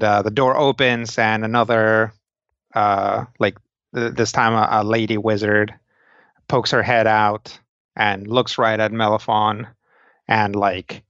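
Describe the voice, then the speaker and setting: A man runs a tabletop game in a low voice. He talks slowly, halting over fillers and restarts, and his words stay unhurried as he lays out the scene. The recording is dry and a little dull. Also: a bit bright, smooth, no room sound. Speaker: game master.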